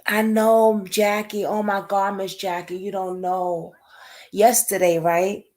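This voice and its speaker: A woman's voice: mid-range voice, little pitch movement, takes it slowly, darkish tone. A woman hosting a casual livestream chat, talking emotionally and in a rambling way, greeting viewers by name. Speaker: livestream host.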